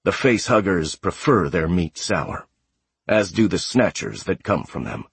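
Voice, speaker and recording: A man narrating a sci-fi audiobook in a steady, measured way. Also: deep voice, gravelly, slightly rough, no room sound. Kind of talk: scripted narration.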